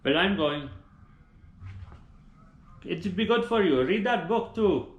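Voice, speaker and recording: A man's voice: sits high, animated, takes it slowly, highs cut off, pitched above the performer's own voice. A man voicing a pushy, chummy bro who keeps nagging a friend to come out. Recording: roomy echoing room.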